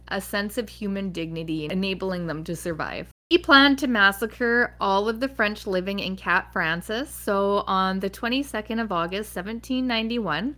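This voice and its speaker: A woman with a medium-pitched voice tells history to listeners in an easygoing podcast manner. She slips up now and then, catches her own mistakes and jokes about them. Her delivery stays conversational, like explaining something to a friend. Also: sharp tone. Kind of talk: casual history storytelling.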